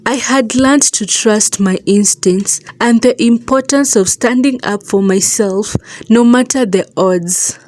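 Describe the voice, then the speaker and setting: A woman telling a first-person story as scripted narration, in a measured, even way. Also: fairly high pitch.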